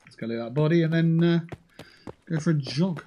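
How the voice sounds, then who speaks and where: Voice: mid-range voice, brisk, mellow, muffled recording, slight background noise. A game streamer, chatting casually and jokily to themselves while playing, with plenty of swearing. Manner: chatty, profane, jokey self-talk while looting. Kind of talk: casual gameplay commentary.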